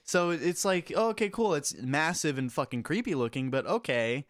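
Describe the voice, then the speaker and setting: A young man talks on a gaming podcast in a slightly raised voice, recorded close and dry. He is excited and jokey, and he swears casually. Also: a little high, moderate pace, no echo. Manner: enthusiastic, joking, swears casually. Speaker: podcast co-host.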